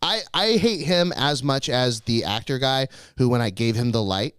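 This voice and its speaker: A man co-hosting a podcast, telling a story in a casual and animated way, swearing a lot and putting on other people's voices in quotes. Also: mid-range voice, normal speed, clean tone, no echo. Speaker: podcast co-host.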